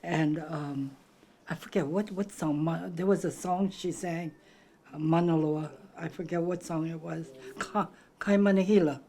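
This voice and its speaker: A woman's voice: low-pitched, steady tone, a little slow, warm tone, slight background noise. An older woman from Hawaii with a Hawaiian Pidgin-tinged accent, reminiscing about her grandparents in a rambling way and searching for words. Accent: Hawaiian Pidgin-tinged English. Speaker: granddaughter sharing memories. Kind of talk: conversational reminiscing.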